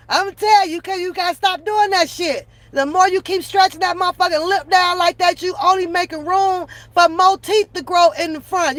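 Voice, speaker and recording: A woman's voice: very high-pitched, dry recording. A woman streamer giving casual reaction commentary in a profane, laughing, rambling rant.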